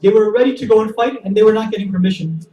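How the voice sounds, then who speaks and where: Male preacher, emotional storytelling sermon, high voice, recorded from afar in a roomy hall. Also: racing, dull audio, slight background noise. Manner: builds from hushed to impassioned, addresses audience directly. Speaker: speaker at a religious gathering. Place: community center hall. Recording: echoey hall, voice from a distance.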